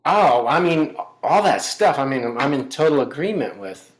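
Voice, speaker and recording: A man talking as a guest in casual interview chat, halting and rambling with many fillers. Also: mid-range voice, sing-song, roomy sound. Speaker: musician guest.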